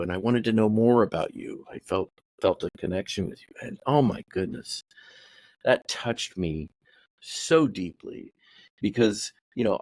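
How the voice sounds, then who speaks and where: Emotional American man, halting, low voice. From USA. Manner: warm, emotional, halting with many restarts. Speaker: podcast host. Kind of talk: casual interview chat. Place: home in California.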